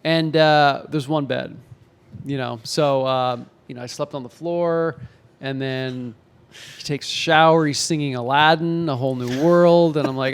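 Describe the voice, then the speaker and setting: A man in his forties, an actor and author, telling animated anecdotes in a casual interview and acting out the quotes. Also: medium pitch, unhurried, clean tone. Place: home in Los Angeles.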